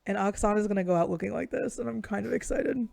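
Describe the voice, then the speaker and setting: A woman's voice: medium pitch, fast, gravelly, darkish tone. A young woman co-hosting a casual sports chat stream, bubbly and laughing often, swearing freely. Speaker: podcast co-host.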